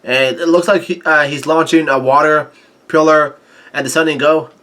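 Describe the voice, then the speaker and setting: A man casually recapping a manga chapter, halting often with restarts and self-corrections. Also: fairly high pitch, fairly even intonation, a bit bright. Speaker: manga reaction host.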